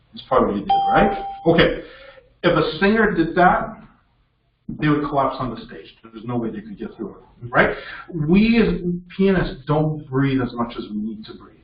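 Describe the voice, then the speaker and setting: Encouraging piano teacher in a roomy studio. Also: male voice, medium pitch. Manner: encouraging, checks in with frequent "okay?". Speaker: piano teacher leading a masterclass. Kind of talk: coaching a student at the piano. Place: music studio indoors with a piano. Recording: distant, roomy and dull with piano behind.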